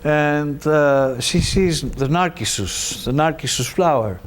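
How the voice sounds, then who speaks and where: A man retelling an ancient myth in a lecture, animated and halting with fillers. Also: fairly high pitch. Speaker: presenter.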